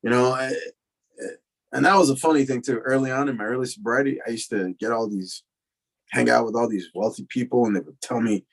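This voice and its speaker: A man giving a casual, profane recovery talk, telling his story with animated acted-out quotes. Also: mid-range voice, brisk, creaky, rough recording. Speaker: recovery lecture speaker.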